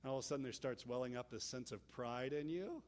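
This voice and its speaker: A man pastor giving a sermon in a conversational, animated storytelling way. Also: mid-range voice, fast talker.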